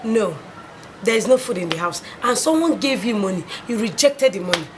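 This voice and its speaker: A woman's voice: medium pitch, expressive, brisk, noisy background, natural voice. A woman playing a scolding Nigerian older sister. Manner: scolding, incredulous.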